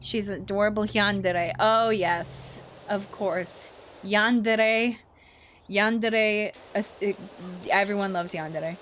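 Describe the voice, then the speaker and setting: A young woman streamer chats casually while she plays, answering chat and slipping into character voices. Her voice sits at a middle pitch. A faint hum of background noise runs under it. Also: steady tone, unhurried, hardly any pauses. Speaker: streamer and voice actor.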